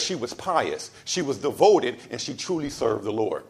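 A pastor delivering a sermon, driving points home with repeated lines and swinging between loud emphasis and soft asides. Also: male voice, medium pitch, very animated, normal speed, gravelly, few pauses. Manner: casual storytelling asides.

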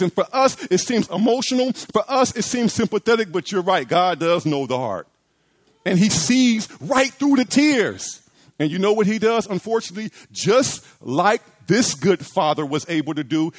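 A man's voice: sits high, animated, normal speed. A man preaching a sermon, asking rhetorical questions, repeating phrases and acting out quoted pleas.

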